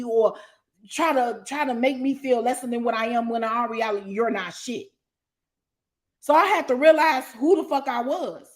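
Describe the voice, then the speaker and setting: A woman with a high voice tells her story in an interview. She is blunt, emphatic and profane. She laughs often between points. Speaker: guest, author.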